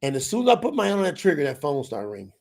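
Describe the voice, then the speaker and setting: Gravelly man with lively pitch. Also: rapid-fire. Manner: emotional storyteller, drops very quiet on quoted lines. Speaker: church testimony speaker. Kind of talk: personal testimony in church.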